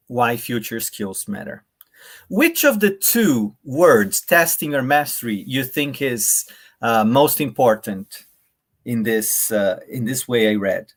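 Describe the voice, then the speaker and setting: Lively male workshop presenter. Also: mid-range voice, slow pace. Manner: friendly, addresses viewers directly and demonstrates intonations aloud. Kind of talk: live online teaching talk.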